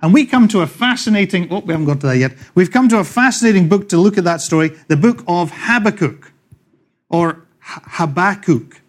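A middle-aged man with a Scottish accent preaching a sermon, chatty and joking with the congregation, reading scripture slowly and loudly. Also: high-pitched, lively intonation. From Scotland. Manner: slows and swells when reading scripture. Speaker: pastor. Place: church.

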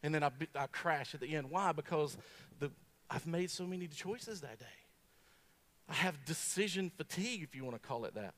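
A man preaching a sermon. He tells stories in a folksy, joking way, swinging between punchy bursts and quiet asides. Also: on the high side, normal speed. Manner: folksy, humorous, animated storytelling.

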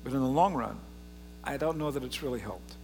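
A pastor preaching a casual, joking sermon and reading scripture aloud with drama. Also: male voice, medium pitch, a little fast, vocal fry, a little mellow, in a large hall, a little hiss or hum. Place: church sanctuary.

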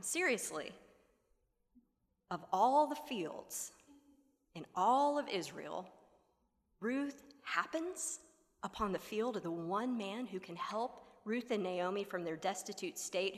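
Woman preaching in a reverberant hall. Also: medium pitch. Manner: expressive, rhetorical, drops to near whispers for emphasis. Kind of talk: sermon.

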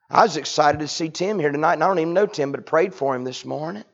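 A man, preaching a sermon that swings from loud to hushed. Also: fairly high pitch, fast, creaky, hardly any pauses. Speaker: pastor. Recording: dull lo-fi recording.

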